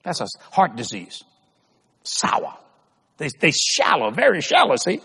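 A man's voice: high-pitched, normal speed, slightly rough. A man preaching a sermon as pastor in a church, telling folksy stories with lots of laughter. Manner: folksy storytelling, animated, laughs often. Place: church sanctuary. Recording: long hall reverb.

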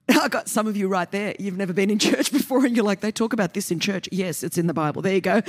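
An Australian woman in her fifties, a guest preacher delivering an energetic, joking sermon in a fast, continuous flow. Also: medium pitch. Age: 50s.

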